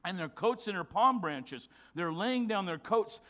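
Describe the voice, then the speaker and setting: A male pastor preaching a sermon. He is emphatic, asks rhetorical questions, and drops to a quiet, low voice for solemn points. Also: animated, unhurried.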